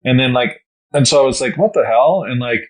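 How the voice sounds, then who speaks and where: A man's voice: medium pitch, expressive, fairly quick. A young man co-hosting a podcast, telling stories in casual chat full of "like" and fillers. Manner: filler-heavy storytelling, lots of "like". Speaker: podcast co-host.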